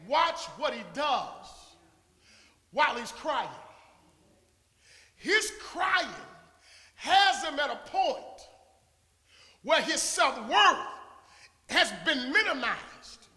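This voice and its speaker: A pastor preaching a sermon to his congregation, building to shouted peaks and calling for responses. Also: very high-pitched. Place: church sanctuary. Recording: long reverb of a church hall.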